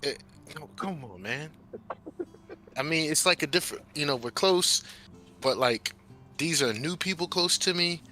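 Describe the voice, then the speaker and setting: A man's voice: fairly high pitch, expressive, normal speed, pauses often, sharp tone, soft background music. A man playing a tabletop game, casually chatting and protesting with a laugh. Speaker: player.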